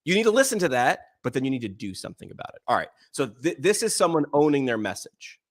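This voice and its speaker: A man co-hosting a podcast, telling stories and arguing his points emphatically, often jumping up in pitch and volume. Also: fast talker. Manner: emphatic, animated storyteller with big swings in pitch and loudness. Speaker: podcast co-host. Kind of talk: casual podcast discussion.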